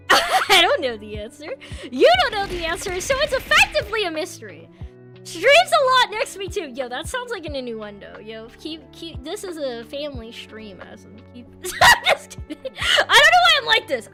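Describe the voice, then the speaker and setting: A young woman streaming and chatting casually with viewers, animated, often yelling and laughing. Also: very high voice.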